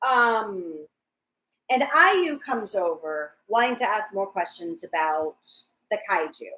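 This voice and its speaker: A woman's voice: fairly high pitch, fairly bright tone, roomy sound, low-quality recording. A woman co-hosting a casual fan discussion livestream, chatty and recapping scenes with quoted lines. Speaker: podcast co-host.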